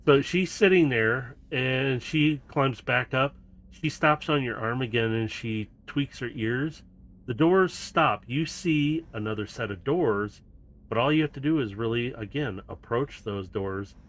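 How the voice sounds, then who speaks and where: A man's voice: medium pitch, a little slow, a bit bright. A man narrating and running a tabletop role-playing game as game master, in a casual, storytelling manner with laughs.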